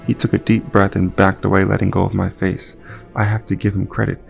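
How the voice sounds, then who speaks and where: A man's voice: deep voice, level tone, fairly quick, gravelly, faint music behind. A man reading a first-person audiobook narration with dry, wry asides.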